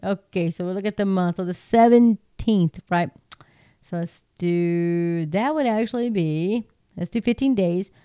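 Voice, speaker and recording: A woman's voice: on the low side, unhurried, warm tone, clean tone, dry recording, clean studio sound. A middle-aged woman with a handheld mic, chatting in a folksy, casual way to listeners and reading scripture aloud. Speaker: online Bible teacher. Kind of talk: casual livestream Bible talk and scripture reading.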